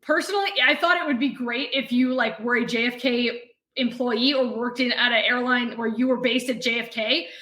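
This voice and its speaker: A woman's voice: on the high side, normal speed, pushed and bright, roomy sound. A young adult woman chatting as a podcast guest, explaining things step by step. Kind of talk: casual interview chat.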